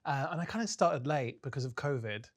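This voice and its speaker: A man's voice: mid-range voice, fairly quick. A man in his thirties, a comedian guest chatting casually on a podcast and telling self-mocking stories. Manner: animated, self-mocking storyteller.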